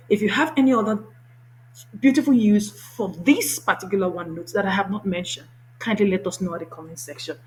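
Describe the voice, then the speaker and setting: A woman teacher narrating a screen-share software tutorial, enthusiastic and repeating key words for emphasis. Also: mid-range voice, rough recording.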